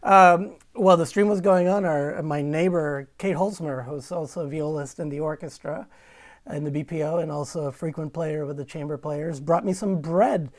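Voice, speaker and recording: A woman's voice: low voice, moderate pace. A woman hosting an online concert from home, chatting casually and rambling, often correcting herself mid-sentence. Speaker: concert series host. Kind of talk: casual livestream chat.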